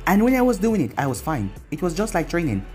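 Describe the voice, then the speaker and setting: A reader voicing a calm young boy ninja who answers in low, quiet lines. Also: quick pace, faint music behind, lightly acted.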